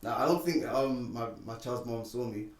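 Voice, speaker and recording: A man's voice: medium pitch, moderate pace. A man casually telling a personal story on a podcast, acting out what people said. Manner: animated, acts out quoted lines. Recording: echoey room, distant mic.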